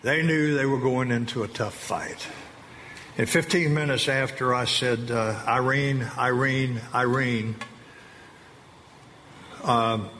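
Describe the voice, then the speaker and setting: A man giving an emotional personal testimony to an audience, earnest and halting, with slow emphatic phrases. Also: mid-range voice, pushed and bright. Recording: long reverb of a large hall with faint ambient noise.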